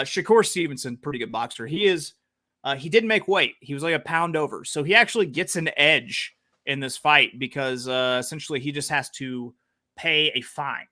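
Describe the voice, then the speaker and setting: A man with a bright, forceful voice chats through his sports bets on a podcast, joking and hyping each pick. His voice sits a little high, and he gets loud when he reads out names. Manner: hyped, jokey, swings loud on names. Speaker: podcast co-host. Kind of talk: casual sports betting chat.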